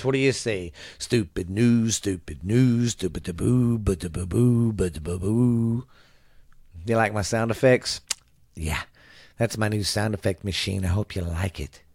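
A man's voice: fairly low pitch, creaky, no room sound, clean studio sound. A middle-aged man hosting a casual podcast from home, rambling and ranting with frequent swearing and stammers. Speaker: podcast host. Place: home at night.

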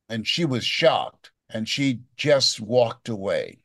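A man's voice: mid-range voice, big pitch swings, slow, few pauses, fairly bright tone, dry recording, clean studio sound. A man in his seventies, a motivational speaker telling a story in an interview, acting out the voices of the people in it. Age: 70s. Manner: dramatic storyteller, acts out quoted voices.

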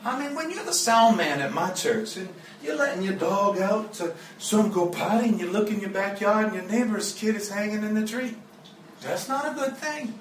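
High-voiced man preaching in an echoey room. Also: lively intonation, moderate pace, a little hiss or hum. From Joplin, Missouri area. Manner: earnest, emotional storytelling with laughs. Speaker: guest preacher. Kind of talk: storytelling sermon. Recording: echoey room, mic at a distance.

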